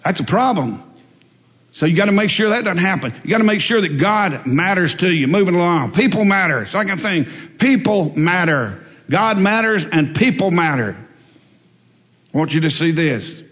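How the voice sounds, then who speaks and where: A man preaching a sermon, telling folksy stories and swinging between loud emphatic lines and quiet asides. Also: sits high, expressive, moderate pace. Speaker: pastor. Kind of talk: sermon with storytelling. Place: church sanctuary. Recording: long reverb in a large hall.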